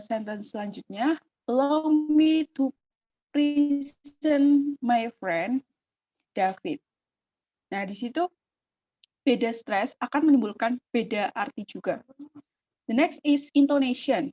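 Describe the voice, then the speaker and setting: A young woman with an Indonesian accent giving a class presentation, halting and switching between English and Indonesian to explain terms. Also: fairly high pitch, darkish tone. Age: young adult. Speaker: student presenter. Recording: muffled lo-fi recording.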